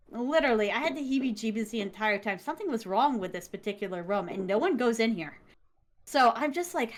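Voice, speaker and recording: A woman with a high, bright voice tells a story as an interview guest. She is excitable and dramatic and laughs often as she talks. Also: fast. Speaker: guest, content creator. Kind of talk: animated storytelling.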